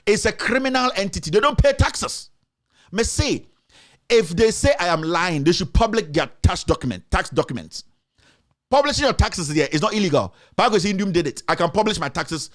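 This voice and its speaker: A man's voice: sits high, lively intonation, normal speed. A man with a Ghanaian accent delivering a heated political rant, repeating his accusations with emphasis. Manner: mixes in another language. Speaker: commentator.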